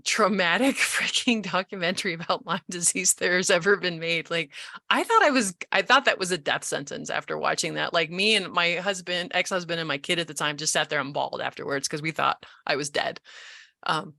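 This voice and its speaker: A Colorado woman in her forties tells her story as a guest in a casual interview, animated and acting out the voices she quotes, often restarting. Her voice is fairly low with vocal fry and fairly quick, recorded dry with clean studio sound.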